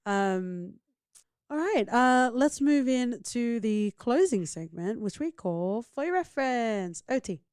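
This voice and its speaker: Smooth, playful woman podcaster. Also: fairly high pitch, lively intonation, takes it slowly, darkish tone, dry recording, clean studio sound. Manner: playful, teasing banter. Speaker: podcast co-host. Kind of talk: casual chat.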